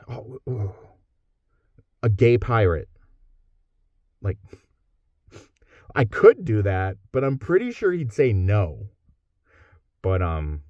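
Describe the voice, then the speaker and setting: A man's voice: medium pitch, darkish tone, no room sound, studio quality. A man who is a powerlifter and audiobook narrator, talking in a casual vlog with a wry, joking, self-deprecating manner.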